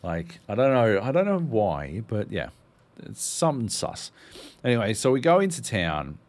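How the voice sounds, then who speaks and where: A man's voice: on the low side, big pitch swings, normal speed, a little mellow. An Australian man co-hosting a podcast, telling a rambling story full of fillers and swearing. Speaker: podcast co-host. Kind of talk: casual storytelling.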